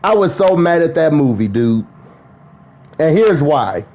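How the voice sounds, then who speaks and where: A gaming streamer chats loosely with his audience. His voice sits a little high and he talks at a slow, drawn-out pace. He gets worked up, swears a lot and breaks into laughter. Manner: excitable and profane, laughs often. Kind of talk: casual livestream chat.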